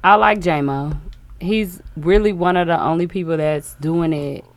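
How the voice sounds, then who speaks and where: A woman's voice: lowish voice, unhurried, dry recording. A young woman co-hosting a casual podcast, laid-back and slangy, laughing often. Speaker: podcast co-host. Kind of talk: casual group chat.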